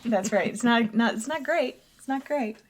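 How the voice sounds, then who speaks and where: A woman's voice: fairly high pitch, moderate pace. Chatty laughing woman podcast co-host. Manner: laughs often, self-deprecating, rambling. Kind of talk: casual chat.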